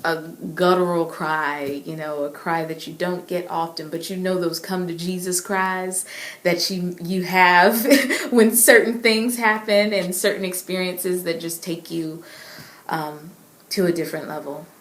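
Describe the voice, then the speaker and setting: A woman's voice: on the low side, steady tone, fairly bright tone. Earnest woman telling an emotional testimony. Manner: emotional, earnest, halting with repeats. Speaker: inspirational vlogger. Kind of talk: personal testimony. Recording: echoey room with faint ambience.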